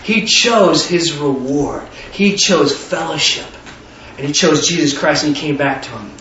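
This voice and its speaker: Animated high-voiced man preaching. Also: a little slow. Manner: animated, rhetorical questions, bursts of shouting. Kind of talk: sermon. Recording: echoey hall, distant dull mic, faint noise.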